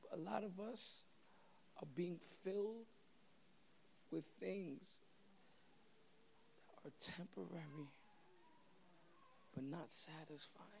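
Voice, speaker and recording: A man preaching a sermon, telling a funny personal story and shouting playfully to the congregation. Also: high-pitched, slow pace, vocal fry, long pauses, slight background noise.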